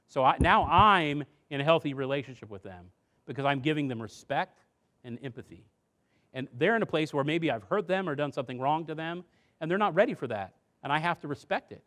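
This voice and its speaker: A man presenting a seminar on parenting and addiction to a live audience, talking conversationally with rhetorical questions and going soft and low on earnest points. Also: lively intonation, a little fast. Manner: conversational, rhetorical questions, acts out quoted voices.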